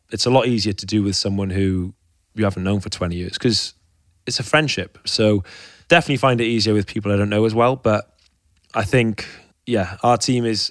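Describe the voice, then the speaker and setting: A man's voice: on the low side, a bit bright, dry recording, clean studio sound. A man in his thirties, a guest talking frankly and with feeling in a podcast interview, often restarting his sentences. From Wales. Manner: frank and openly emotional, rambling with restarts. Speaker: guest, professional cyclist.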